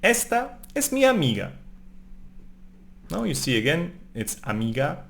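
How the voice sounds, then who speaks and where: A man teaching a language lesson, reading phrases slowly and repeating them, often adding a questioning "no?". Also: a little high, wildly swooping pitch, creaky, a little hiss or hum. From Germany. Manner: slow, repeated pronunciation drills with tag questions.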